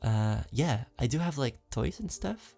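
A man's voice: mid-range voice, expressive, measured pace, vocal fry, mellow, faint music behind. A man with a slight foreign accent, an ASMR creator answering fan questions in casual, chatty talk with lots of fillers and giggles.

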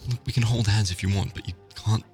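A man in a whispered role-play, talking in a hushed, flustered, pleading way. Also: on the low side, fairly even intonation, quick pace, soft background music.

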